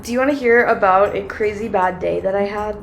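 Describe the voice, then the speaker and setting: Speaking fairly quickly in a gravelly, medium-pitched voice, a young podcast co-host spins a long, relaxed story over a little hiss or hum. She plays out each side of the quoted conversation, sprinkling in many "like"s.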